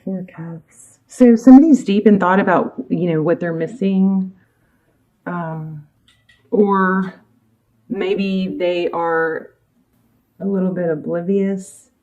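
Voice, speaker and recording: A woman's voice: lowish voice, steady tone, takes it slowly, pauses often, warm tone, highs cut off. A woman giving a casual, rambling tarot reading to camera, chatty and easily sidetracked, with many fillers. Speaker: tarot reader. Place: home room with her dog.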